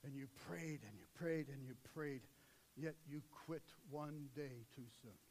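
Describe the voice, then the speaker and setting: A man preaching a sermon, swinging between loud urgent passages and low, quiet intensity. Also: unhurried, slight background noise.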